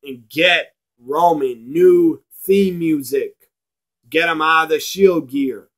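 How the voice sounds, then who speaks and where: A man ranting in a blunt, profane video review, slowing down to stress his points. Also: fairly high pitch, fairly bright tone. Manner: emphatic, slows down to stress points.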